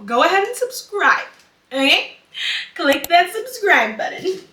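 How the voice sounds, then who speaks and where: A young adult woman vlogging a casual haul, dramatic, excitable and chatty. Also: very high-pitched, a little slow. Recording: echoey room, mic at a distance.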